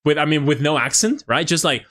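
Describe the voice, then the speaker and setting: Bright-voiced man. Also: on the high side, expressive, brisk. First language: Spanish. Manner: chatty, restarts words often. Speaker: language-learning streamer. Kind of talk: casual live-stream chat.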